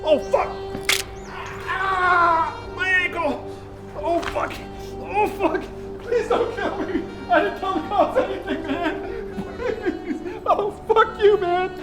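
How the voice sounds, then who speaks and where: An actor playing a crude, foul-mouthed small-town drug dealer in a film drama, casual on the phone. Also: male voice, on the high side, expressive, brisk, long pauses, natural voice. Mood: panicked. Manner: crude and casual on the phone, then screaming and begging. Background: film score music.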